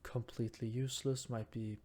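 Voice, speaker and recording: A man's voice: medium pitch, flat delivery, fairly quick, warm tone. A man whose first language is Norwegian, murmuring his thoughts aloud and musing in a self-deprecating way while he plays a game. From Norway. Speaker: gamer. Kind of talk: casual gameplay commentary.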